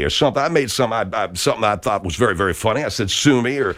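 A man's voice: lowish voice, lively intonation, fast, a bit bright. A man from Arkansas with an Arkansas accent hosts a country show, telling a rambling comic story in a folksy way, full of filler words. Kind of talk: comedic rambling monologue.

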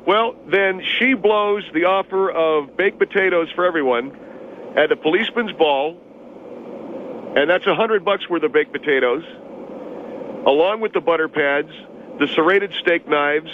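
A man doing a smug, boastful restaurant owner who brags about himself in the third person. Fairly high, nasal-edged voice over a tinny phone line, with a faint hiss underneath. Comic radio call-in bit. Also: a little slow, natural voice. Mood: taunting. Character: arrogant boastful male restaurant owner, middle-aged. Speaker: show guest.

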